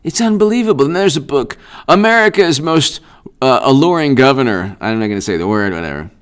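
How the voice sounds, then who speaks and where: A man hosting a political commentary live stream, speaking sarcastically and in an animated way and often repeating himself. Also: medium pitch, fairly quick, clear, resonant tone.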